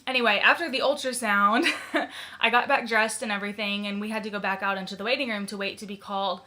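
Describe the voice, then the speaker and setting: A young woman talks to her camera in a chatty, giggly way, with plenty of ums and likes. Her voice is bright and clear, sitting at a middle pitch for a woman. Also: fairly even intonation, fast. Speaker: vlogger. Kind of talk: casual pregnancy vlog.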